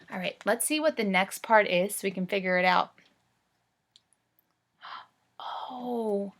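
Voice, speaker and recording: A woman teaching first graders to read, slowly sounding out words in a coaxing voice. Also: fairly high pitch, a bit bright. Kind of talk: phonics read-aloud lesson.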